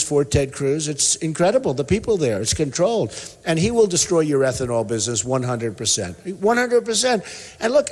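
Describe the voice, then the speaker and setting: A man's voice: a little high, a little mellow. An older man giving an emphatic, rambling, repetitive campaign rally speech in a hotel convention hall. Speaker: political candidate speaking at a rally. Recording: echoey convention hall with long reverb.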